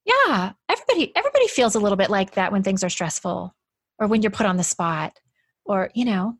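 A woman's voice: medium pitch, sing-song, a little fast, husky, dry recording. A woman in casual conversation, talking freely and laughing often, with a lot of "like" in her speech. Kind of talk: casual chat.

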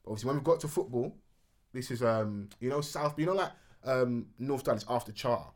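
A young man tells a story in relaxed, slang-heavy chat. He talks quickly, at a mid pitch. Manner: slangy, laid-back.

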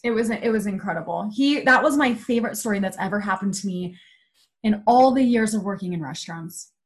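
A woman in her thirties telling a story in casual chat, animated and filled with "like". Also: mid-range voice, brisk, breathy edge.

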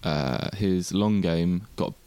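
A man's voice: deep voice, slow, mellow, dry recording. A man with an English accent co-hosting a casual podcast chat, making dry, blunt remarks. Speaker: podcast co-host.

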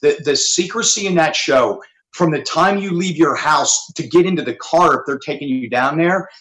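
A man's voice: fairly high pitch, moderate pace, fairly bright tone, roomy sound, poor audio. A man, a musician guest on a video call, telling stories with enthusiasm and repeating himself for emphasis. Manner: enthusiastic, storytelling, repeats phrases. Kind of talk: casual interview chat. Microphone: video call from his home studio.

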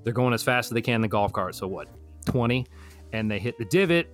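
Young man, casual storytelling, rambling, animated, faint guitar behind. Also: mid-range voice, fast. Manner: rambling, animated, acts out friends' lines. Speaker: storyteller in a truth-or-lie game. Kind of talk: casual storytelling among friends. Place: Florida.

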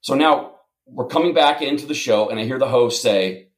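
A man telling self-deprecating anecdotes in a casual, lively way as a guest. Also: mid-range voice, normal speed. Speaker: guest storyteller. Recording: roomy echo.

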